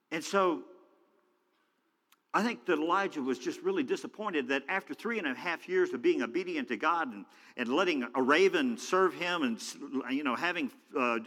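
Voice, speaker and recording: Male preacher in a reverberant church. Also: on the high side. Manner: dramatic storytelling, voices God and Elijah, swings from loud to hushed. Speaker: pastor. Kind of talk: sermon. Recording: long hall reverb.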